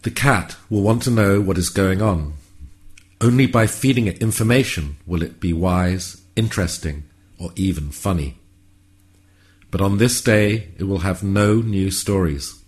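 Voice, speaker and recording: A man narrating a whimsical story in a calm, measured, wry way. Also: low voice.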